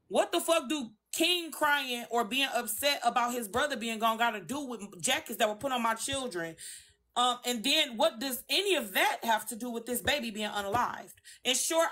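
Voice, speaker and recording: A woman's voice: a little high, sharp tone. A woman on a phone live stream, arguing her side bluntly and emphatically with lots of swearing. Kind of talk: heated livestream argument.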